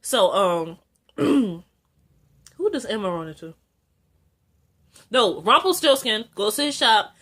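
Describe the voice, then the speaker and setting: A young woman recapping a TV episode in a casual vlog, chatty and excitable, full of fillers and asides. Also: takes it slowly, pauses often. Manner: chatty and excitable, frequent "like" and filler, jumps high when excited. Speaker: TV episode reviewer.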